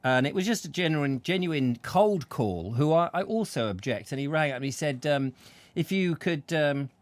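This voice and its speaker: A man's voice: a little high, expressive, normal speed, no room sound. A man hosting a casual chat show, rambling through anecdotes and chuckling as he tells them. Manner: rambling anecdotes with laughs, acts out voices. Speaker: host.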